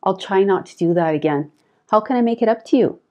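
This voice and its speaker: Woman putting on a sorry partner trying to please, quick and higher, mellow tone. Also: animated, close to an everyday voice. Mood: appeasing. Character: eager apologetic partner, anxious to please.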